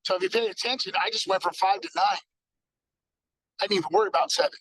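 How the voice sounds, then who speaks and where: A man giving an energetic sales training talk, acting out exchanges with customers. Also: high voice, quick pace, rough recording.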